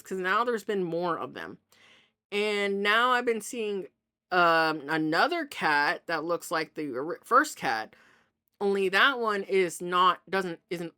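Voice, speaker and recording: Woman vlogging at home, bright voice, chatty and rambly, keeps restarting. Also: fairly low pitch. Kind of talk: casual chatty monologue.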